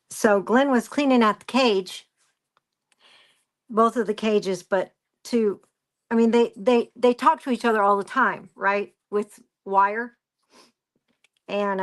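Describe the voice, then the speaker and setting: A woman's voice: medium pitch, slow, pauses often. A woman presenting a craft live stream, rambling through a story and greeting viewers by name as she works. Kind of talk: casual chat while crafting.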